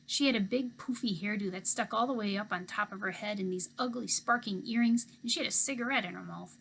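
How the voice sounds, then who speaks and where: Bright-voiced woman reading a story aloud. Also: mid-range voice, a little fast, vocal fry, husky. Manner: expressive first-person storytelling. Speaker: teacher. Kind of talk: reading a children's novel aloud.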